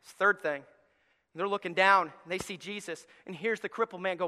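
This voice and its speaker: A man preaching a sermon as pastor, telling the story with acted-out voices, going from quiet asides to loud shouts. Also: high voice, fairly even intonation, fairly quick. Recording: long hall reverb.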